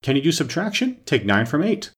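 A bossy, imperious storybook queen who snaps out commands and scoldings in a high voice, voiced by a man reading aloud. Her pitch swoops animatedly, with a husky grain. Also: very animated, brisk. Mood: domineering.

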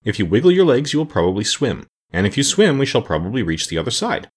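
A man's voice: mid-range voice, big pitch swings, fast, husky. A man voicing an earnest, resourceful young boy in an audiobook. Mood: instructing. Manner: earnest, instructing. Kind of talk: audiobook character voice.

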